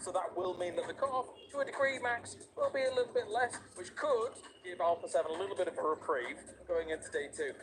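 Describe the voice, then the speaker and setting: A man hosting a live esports broadcast in a lively, joking and teasing way. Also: high-pitched, quick pace, hardly any pauses, noisy background. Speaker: esports desk host.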